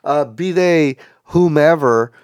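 A man as a podcast guest in casual chat, telling stories in a profane, animated way. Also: on the high side, slow pace, clean tone, no echo.

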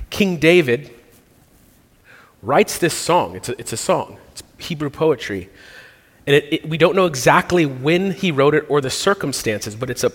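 A man preaching a sermon, earnest and reflective, pausing and restarting as he works through a psalm. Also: medium pitch. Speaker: pastor. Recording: long reverb of a large hall.

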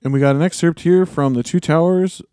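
Male co-host, enthusiastic and laughy, somewhat high, mellow, dry mic. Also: brisk, no echo. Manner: enthusiastic, laughing, swears casually. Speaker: podcast co-host. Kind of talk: casual chat.

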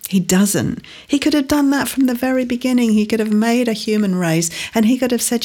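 A woman's voice: on the high side, brisk, few pauses, mellow. A woman preaching a sermon, teaching earnestly from scripture with emphatic rising stresses.

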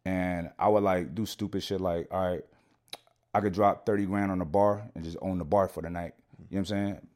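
Deep-voiced man telling a story casually. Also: level tone, a little fast, a little mellow. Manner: slangy and profane, keeps saying "you know what I'm saying". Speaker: podcast guest.

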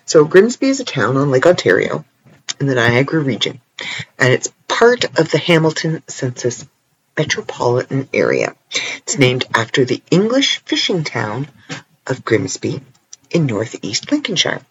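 A man's voice: mid-range voice, wildly swooping pitch, unhurried, lo-fi sound, a little hiss or hum. A Canadian man chatting casually and playfully on his own in a rambling vlog, tired at night. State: tired, stretching sore legs. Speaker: vlogger. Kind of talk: casual solo chat. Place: indoors, alone at night.

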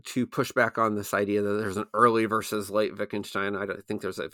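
A man's voice: on the low side, little pitch movement, brisk, fairly bright tone, dry recording, studio quality. A man co-hosting a philosophy podcast, talking casually and thinking aloud, with frequent restarts and repeated words. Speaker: podcast co-host.

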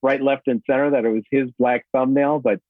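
A man's voice: mid-range voice, steady tone, a little fast, dry recording. Rambling man on a tinny phone line. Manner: rambling, many fillers and restarts. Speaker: actor guest. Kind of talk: casual interview.

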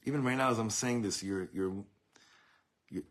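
A man's voice: on the low side, moderate pace. A man teaching a Torah class to a room of students, talking it through with many restarts and quoting Hebrew texts. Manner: warm, searching delivery with many restarts and Hebrew quotes.

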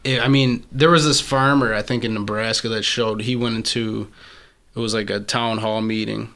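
A man's voice: fairly low pitch, steady tone, normal speed, fairly bright tone. A young man co-hosting a casual group podcast, rambling with many restarts and fillers. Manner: rambling, restarts often, lots of "I mean". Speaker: podcast co-host.

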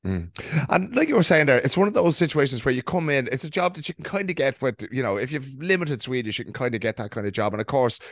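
A man hosting a podcast, chatty and asking quick follow-up questions. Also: medium pitch, animated, dry recording, clean studio sound. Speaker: podcast host. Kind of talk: casual interview chat.

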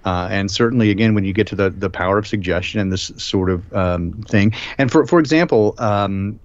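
A man hosting a live stream discussion, talking in a rambling, emphatic way with many filler pauses. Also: on the low side, no room sound. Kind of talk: casual discussion. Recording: dull lo-fi stream audio.

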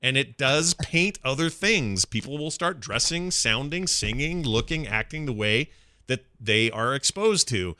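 American guy co-host, bright forceful tone, conversational and opinionated, dry sound. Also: mid-range voice, expressive, measured pace, no echo. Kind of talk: casual podcast debate.

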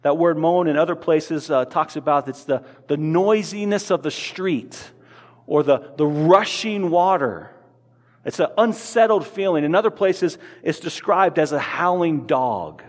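A man's voice: fairly high pitch, measured pace, long reverb tail. A man preaching a sermon as pastor, earnest, often repeating words as he builds toward his point. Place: church sanctuary.

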